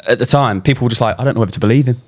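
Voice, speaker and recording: A young man telling stories quickly in a casual podcast chat. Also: mid-range voice. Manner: lively, rapid storyteller. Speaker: guest, content creator.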